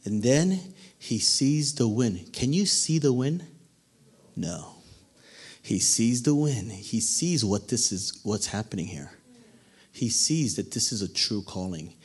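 A man's voice: medium pitch, sing-song, takes it slowly, darkish tone, breathy edge. A man preaching a sermon, asking the listeners questions and acting out the quoted lines. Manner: dramatic, acts out quotes, asks the congregation questions.

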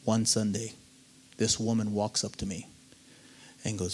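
A male pastor telling a story in a sermon, animated and swinging between loud and hushed. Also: lowish voice, measured pace, pauses often, breathy edge.

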